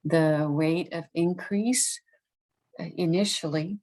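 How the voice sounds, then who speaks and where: Woman, low voice, tired late-night math lesson, chatty, self-correcting. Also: takes it slowly, mellow, rough recording. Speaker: math teacher. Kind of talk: recorded lesson walkthrough.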